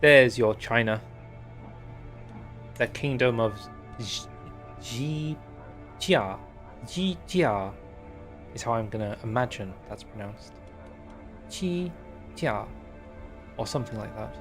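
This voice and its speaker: A man's voice: mid-range voice, slow, long pauses, fairly bright tone, soft background music. A young man streaming and talking over a strategy game, chatty and wry, reading in-game text aloud. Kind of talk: game livestream commentary.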